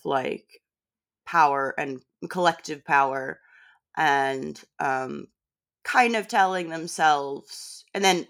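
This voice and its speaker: A woman's voice: sits low, a bit bright. A woman guest in a casual podcast discussion, chatty and wry, laughing often as she talks.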